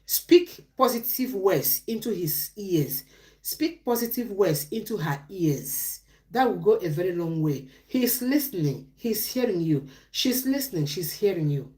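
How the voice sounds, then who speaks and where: A woman's voice: medium pitch, sing-song, measured pace, mellow. A middle-aged woman, giving relationship advice on a live stream in a preachy way, asking questions and answering them herself.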